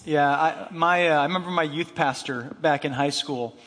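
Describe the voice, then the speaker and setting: A man's voice: on the high side, moderate pace, fairly bright tone. A man telling a personal story as part of a sermon, casual and chatty, with many fillers and asides. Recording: long hall reverb.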